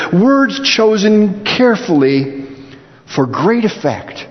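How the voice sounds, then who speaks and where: Animated preacher in a reverberant hall. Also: male voice, dull audio. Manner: animated, dips low and slow on quoted scripture. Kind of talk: sermon.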